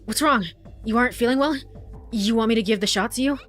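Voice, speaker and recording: A woman's voice: fairly high pitch, fast, fairly bright tone, faint music behind, natural voice. A woman voicing a blunt, bossy young woman who pushes her friend to get a shot, in a firm, no-nonsense way. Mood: concerned.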